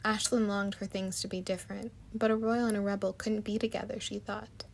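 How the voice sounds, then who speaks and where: A woman narrating a storybook chapter in a soft, even manner. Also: mid-range voice, brisk, vocal fry.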